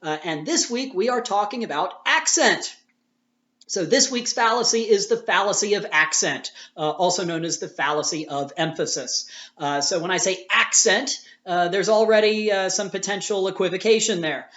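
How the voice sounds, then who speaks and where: A man's voice: sits high, a bit bright. Guy teacher explaining a lesson from home, says uh a lot, echoey room, kinda muffled sound. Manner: explanatory, with frequent "uh" pauses. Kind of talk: recorded classroom lecture.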